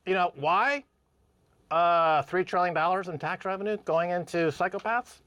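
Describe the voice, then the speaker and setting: A man co-hosting a talk show, ranting sarcastically in animated commentary. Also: high voice, moderate pace, dry recording. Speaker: co-host.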